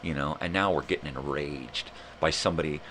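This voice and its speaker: Deep-voiced ranting man. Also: fairly quick, slight background noise. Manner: rambling, profane, animated. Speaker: live show host. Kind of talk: casual rant.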